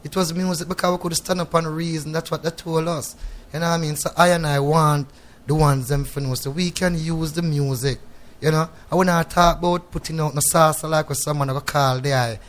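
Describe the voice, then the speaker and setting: A man's voice: fairly high pitch, fairly even intonation, fairly quick. A man with a Jamaican accent, a reggae artist giving a radio studio interview. He speaks in patois, reflective and preachy, and often checks in with "you know what I mean".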